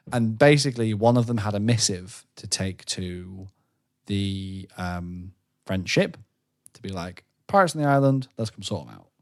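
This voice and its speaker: A man on a podcast, recounting a game weekend in casual chat, lively and laughing often. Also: sits low. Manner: animated storyteller, breaks into laughter and silly voices. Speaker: podcast co-host.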